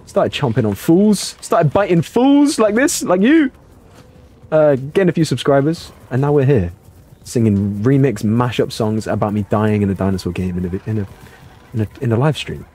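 A man's voice: on the low side, brisk, breathy edge. A young man, streaming a game from his bedroom with self-mocking, playful commentary. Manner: animated, self-mocking, bursts into playful singing. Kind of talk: livestream gaming commentary.

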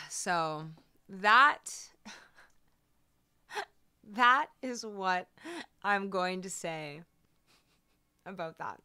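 A woman's voice: medium pitch, extremely slow, pauses often, bright, forceful tone, clear, resonant tone. A woman musician livestreaming, chatting casually and bubbly with her viewers, a little tired and her voice not at full strength. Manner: bubbly, laughing, talking to chat.

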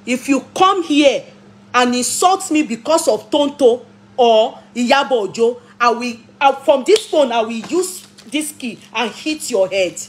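A woman's voice: on the high side, lively intonation, a little slow. A Nigerian woman giving opinionated vlog commentary, arguing, throwing out rhetorical questions and scolding commenters, recorded on a phone. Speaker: vlogger and commentator.

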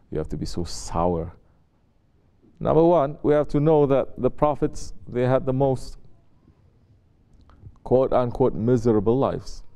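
In a warm voice of medium pitch, this Sufi sheikh preaches a spiritual sermon in a conversational way. Rhetorical questions to his listeners and acted-out quotes run throughout.

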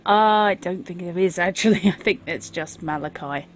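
A woman's voice: on the low side, normal speed, a little hiss or hum. A woman streaming a game, chatting casually and wryly over the gameplay. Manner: wry and chatty. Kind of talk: casual live game commentary.

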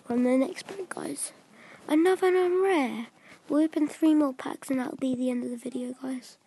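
High-voiced woman chatting over a video game, slow, dark mellow tone, trips over names and whispers a lot. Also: vocal fry, a little hiss or hum. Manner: drops into soft whispers, stumbles over names. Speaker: gaming video creator. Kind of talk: casual commentary over gameplay.

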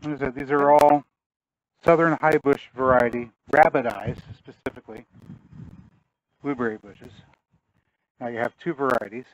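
Breathy folksy man planting in his yard. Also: mid-range voice, fairly even intonation, moderate pace, pauses often, lo-fi sound. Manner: folksy, thinking aloud while working. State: a little out of breath. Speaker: gardening channel host. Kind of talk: casual outdoor garden vlog. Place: outdoors in a yard.

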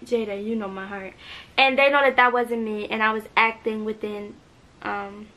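A teenage girl talking hesitantly and earnestly in a home video, with many pauses and fillers. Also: mid-range voice, fairly even intonation, sharp tone. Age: teens. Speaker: vlogger. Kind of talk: emotional apology video.

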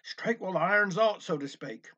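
Brief: man, high voice, folksy dialect storytelling, dull lo-fi recording. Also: fairly quick, bright, forceful tone, husky. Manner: chatty folksy narration with old sayings.

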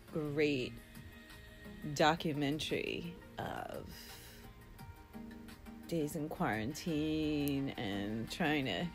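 A middle-aged woman vlogging a casual video diary at home during quarantine, rambling and frank, swearing freely and coughing now and then. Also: low voice.

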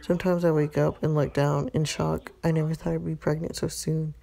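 A woman's voice: low-pitched, flat delivery, fairly quick, vocal fry, warm tone. A woman voicing a guarded, pregnant young wife who speaks in a dry, reserved way.

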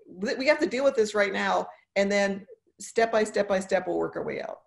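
A woman's voice: mid-range voice, expressive, moderate pace, vocal fry. A woman in her sixties, a dentist and speaker, talking earnestly in a podcast interview, encouraging and repeating phrases for emphasis. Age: 60s.

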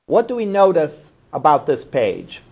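A man's voice: fairly high pitch, huge pitch swings, a little slow, creaky, a little mellow. A male college instructor giving a classroom lecture in a conversational way, asking the class questions and repeating the students' answers.

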